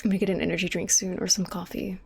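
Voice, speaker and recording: A woman's voice: fairly low pitch, flat delivery, racing, gravelly, darkish tone, husky. Profane, joking young woman gaming. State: sleepy. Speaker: let's play streamer. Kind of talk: casual gaming commentary. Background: game music and sounds.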